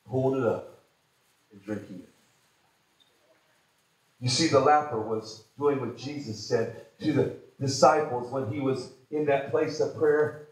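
A man preaching a sermon as pastor, fervent, swinging between shouted exhortations and low, quiet asides. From United States. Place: church sanctuary. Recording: very echoey church hall.

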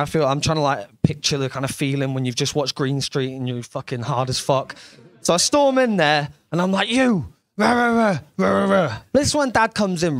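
A man's voice: fairly high pitch, no echo, clean studio sound. A young man doing a brash, sweary stand-up comedy set on a club stage.

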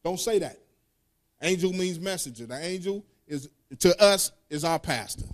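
A man's voice: high-pitched, expressive, moderate pace. A man preaching a sermon, reading scripture aloud and breaking into sung, call-and-response lines in casual speech.

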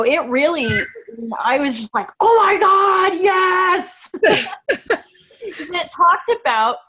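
A woman leading a casual team video call, bubbly and excitable, talking in a chatty, enthusiastic way. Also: sits high, lo-fi sound. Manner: bubbly, excitable, quick to laugh. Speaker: team leader on a coaching call. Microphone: video call microphone.

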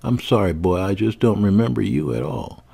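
A man's voice: lowish voice, moderate pace, creaky, dark tone, slightly rough, full character voice. A man voicing a cheating white storekeeper who talks down with feigned innocence. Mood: dismissive.

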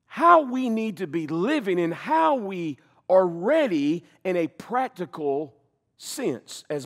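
A middle-aged man preaching a sermon, slowing down to stress key points and now and then laughing. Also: high-pitched. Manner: animated preaching, slows for emphasis, occasional laughs. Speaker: pastor.

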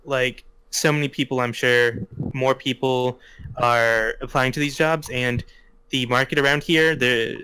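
Smooth-voiced young man, halting. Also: medium pitch, fairly bright tone. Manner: halting, filler-heavy, complaining. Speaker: podcast co-host. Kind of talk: casual podcast chat.

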